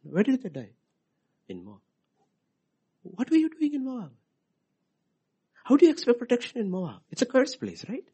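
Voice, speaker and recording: A man preaching a sermon in a dramatic way, swinging from loud outbursts to hushed whispers. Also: high-pitched, slightly rough.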